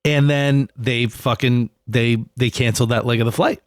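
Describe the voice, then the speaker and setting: A man co-hosts a podcast, telling a story in casual chat with animation and plenty of swearing. His voice is medium-pitched at a moderate pace, captured in studio quality with no room sound.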